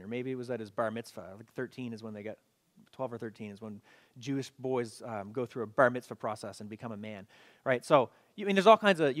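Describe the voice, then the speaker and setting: Male pastor with a mid-pitched voice, giving a casual, animated sermon full of restarts. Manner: conversational, animated storytelling with repeats.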